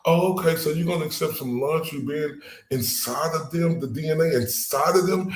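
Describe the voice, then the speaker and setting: A man's voice: a little high, animated, normal speed, darkish tone. Furious cursing man, roomy sound. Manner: heated, cursing, repetitive. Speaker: host reacting to clips. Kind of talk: profane ranting reaction commentary. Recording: roomy echo.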